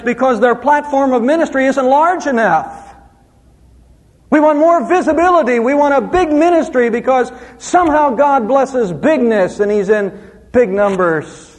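A man with a notably high voice preaches a verse-by-verse sermon. He delivers it with animated emphasis that climbs and drops. The sound carries a long reverb, as from a large hall. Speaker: pastor. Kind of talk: expository sermon.

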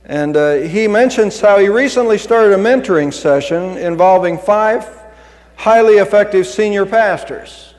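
A man's voice: on the high side, a little mellow. A middle-aged male pastor preaching a sermon in an earnest, conversational way. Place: church. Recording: long hall reverb.

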